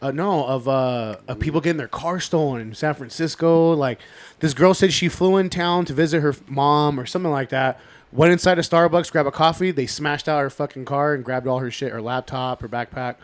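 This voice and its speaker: A man with a somewhat higher voice, talking in casual podcast chat. He chats freely, stumbles over "uh" as he finds his words and swears. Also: a little fast. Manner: chatty, hesitant with "uh", swears.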